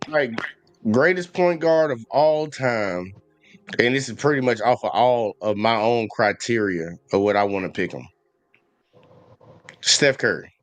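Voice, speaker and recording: A man's voice: mid-range voice, lively intonation, a little slow, pauses often, dry recording. A man co-hosting a casual sports debate. He is talkative, pushes hard on the rules, and swears casually. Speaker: podcast co-host.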